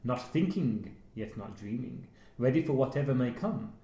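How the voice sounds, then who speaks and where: A man putting on the voice of a calm male martial arts master, reciting philosophy slowly and softly. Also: medium pitch, echoey room, close to an everyday voice. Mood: solemn.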